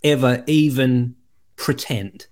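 A man co-hosting a casual film podcast, rambling through anecdotes and quick asides. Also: medium pitch, fairly even intonation, darkish tone. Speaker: podcast co-host. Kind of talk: casual movie chat.

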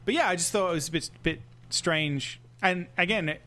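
A man co-hosting a podcast in casual chat, animated and full of restarts. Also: high voice, normal speed. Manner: animated, many restarts and asides. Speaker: podcast co-host.

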